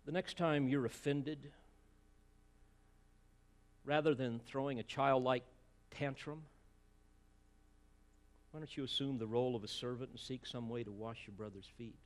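A man's voice: medium pitch, measured pace, pauses often. A man preaching an expository sermon as pastor, emphatic, with rhetorical asides and repeated words as he presses a point.

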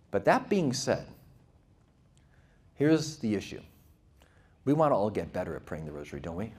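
A Catholic speaker giving a talk to a live audience, earnest and conversational, who often asks the audience questions. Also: male voice, medium pitch, darkish tone. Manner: vivid storytelling with quoted voices.

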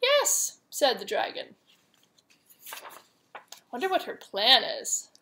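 A woman reading a picture book aloud to young children, with gentle, chatty asides to her listeners. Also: fairly high pitch, very animated, slow, slight background noise. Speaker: preschool teacher.

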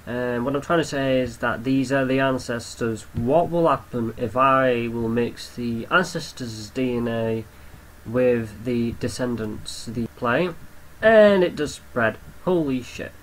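Excitable, swearing young man. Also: mid-range voice, measured pace, rough recording. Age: young adult. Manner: excitable, swears a lot, talks to the creatures. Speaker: gamer commentator. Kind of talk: casual game commentary.

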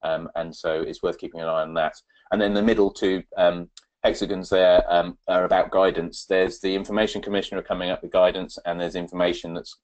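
A man's voice: sits low, a little mellow. A man presenting a webinar on data protection, talking with many ums and restarts as he answers audience questions.

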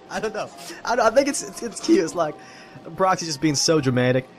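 Male creator, animated fan commentary, very expressive pitch, faint background music. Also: a little fast. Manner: animated and gushing, swears freely, mimics characters. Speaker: video creator reviewing a game comic. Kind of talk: excited casual commentary.

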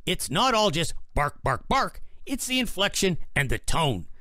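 A man voicing a playful, excitable male pet dog in a silly, chatty storybook manner. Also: high voice, unhurried, no echo, studio quality, exaggerated voice. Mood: cheerful. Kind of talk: storybook narration.

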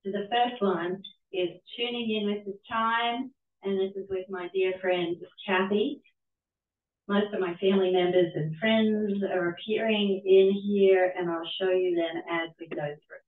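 A middle-aged woman with a Pittsburgh accent speaks gently and invitingly, leading an audience through a yoga practice. She is picked up from a distance in an echoey hall, and the sound is thin and tinny. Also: mid-range voice, fairly even intonation, a little slow. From Britain. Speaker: yoga teacher and author. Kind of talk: guided yoga practice at a reading.

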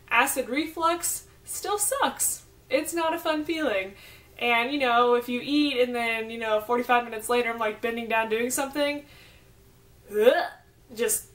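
A woman's voice: a little high, a bit bright. A young woman with a Southern American accent vlogging casually, rambling through her week with lots of fillers and side notes. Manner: chatty, rambling, with many fillers and asides. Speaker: pregnancy vlogger. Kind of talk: casual chat.

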